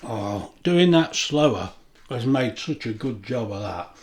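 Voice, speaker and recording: A man's voice: medium pitch, expressive, a little slow, a little mellow, echoey room. A middle-aged man with a chatty, homely way of talking, laughing often as he chats to camera in his kitchen. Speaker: food vlogger. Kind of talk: casual chat to camera. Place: home kitchen.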